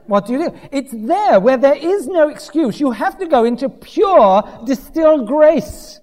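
A man preaches with a wildly lively, swooping delivery, slipping in and out of quoted voices with dry humour. His voice rings with a long reverb, as if recorded in a church hall. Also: very high-pitched, a little slow, few pauses. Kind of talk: sermon.

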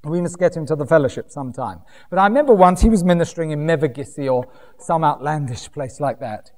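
A man from Britain preaching a sermon in an animated way, swooping up and down and acting out other people's voices. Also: a little high, quick pace. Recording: reverberant hall.

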